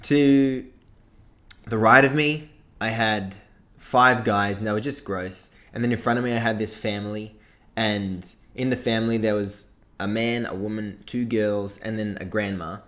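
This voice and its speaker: A man's voice: fairly low pitch, steady tone, unhurried, fairly bright tone. A young Australian man, a podcast co-host, telling a long story in casual chat and swearing freely along the way.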